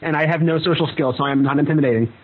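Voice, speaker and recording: A man's voice: on the high side, rapid-fire. A man playing a tabletop game, talking in a plain, matter-of-fact way. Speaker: player. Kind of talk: casual tabletop play. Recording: dull lo-fi sound.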